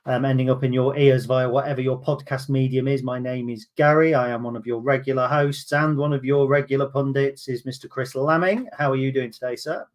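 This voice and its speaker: A man's voice: mid-range voice, steady tone, fairly quick, hardly any pauses. A man hosting a casual football podcast, chatty and self-mocking, with many ums. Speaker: podcast host.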